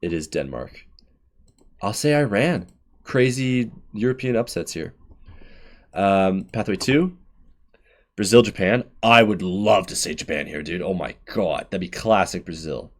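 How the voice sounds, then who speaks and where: A man hosting his channel, casually thinking aloud through his bracket predictions with quick asides. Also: low voice, expressive. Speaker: channel host.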